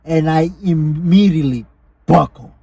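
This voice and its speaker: A man's voice: fairly high pitch, measured pace, creaky, dark tone, a little hiss or hum. A man co-hosting a podcast, telling rambling stories in loose casual chat, swearing often. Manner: loose, rambling storytelling with frequent swearing and laughs. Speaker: podcast co-host.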